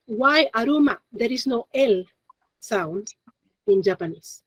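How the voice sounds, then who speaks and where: A woman's voice: a little high, lively intonation, unhurried, fairly bright tone, no room sound, poor audio. A woman teaching a beginner Japanese class, explaining step by step in a chatty way and laughing often. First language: Spanish. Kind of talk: classroom lesson.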